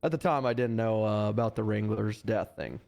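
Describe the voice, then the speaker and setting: A man's voice: fairly low pitch, fairly quick, vocal fry, darkish tone. A man in an in-character roleplay conversation, telling what happened on a shift in an exasperated, profane way. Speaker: roleplay deputy recounting an incident.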